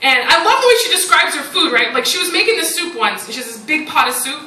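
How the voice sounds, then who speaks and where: High, lively woman doing stand-up. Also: fast. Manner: chatty, self-mocking, punctuated with "like" and "you know". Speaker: stand-up comedian. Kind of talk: stand-up comedy set. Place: comedy club stage. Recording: roomy live recording from a distance with loud crowd noise.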